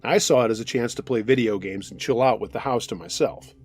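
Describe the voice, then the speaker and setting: Calm male horror story narrator. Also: mid-range voice, a little fast, faint music behind. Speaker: narrator reading listener stories.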